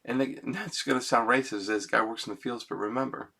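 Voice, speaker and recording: A man with a creaky, mid-range voice and fairly even intonation talks a little fast into his computer's webcam mic. Self-conscious and rambling, he keeps saying "man" and "you know," and eventually recites lyrics from his own songs in a quiet voice.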